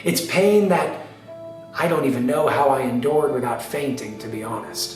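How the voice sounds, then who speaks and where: A man's voice: medium pitch, normal speed, recorded from a distance. A man telling a personal story in an emphatic, dramatic way, repeating phrases for effect. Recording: very echoey room, off-mic, faint music.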